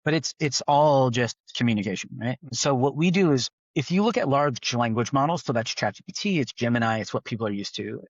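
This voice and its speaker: A man's voice: mid-range voice, expressive, a little fast, hardly any pauses, no room sound. Podcast guest, man from the East Bay, rambly with "right?" tags, dry dull audio. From East Bay, California. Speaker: tech founder guest. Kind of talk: casual podcast conversation.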